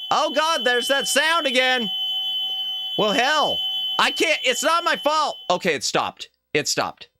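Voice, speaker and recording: A man streaming a game as a VTuber, chatting casually with viewers and reacting loudly to what happens on screen. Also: extremely high pitch, sing-song, slow, background noise. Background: game music.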